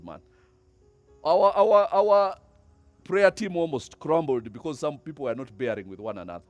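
A man's voice: medium pitch, a little mellow. A man preaching a conversational sermon, asking the congregation rhetorical questions and laughing between points. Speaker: pastor.

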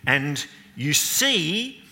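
Playful pastor in a reverberant church. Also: male voice, a little high, sing-song, very slow, gravelly, pushed and bright. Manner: playful, coaching volunteers with running stage directions. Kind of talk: all-age Easter sermon, directing a re-enactment.

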